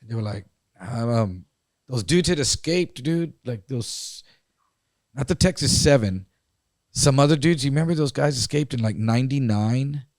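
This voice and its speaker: A man co-hosting a podcast, telling a story in a casual, profane and animated way. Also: medium pitch, normal speed, no echo, studio quality. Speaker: podcast co-host.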